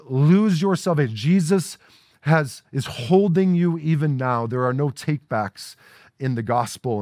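A pastor preaches a sermon in a church sanctuary, speaking conversationally and often tossing in "right?" to check in with listeners. His mid-range voice is a little mellow, recorded in clean studio quality with no room sound.

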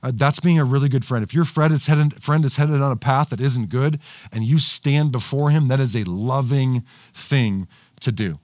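He's a pastor with a mid-range, darkish voice speaking at a normal pace, recorded dry. Preaching to a livestream audience from a studio with cameras and screens, he talks casually, restarting sentences, using many fillers, and tossing in "right?" often.

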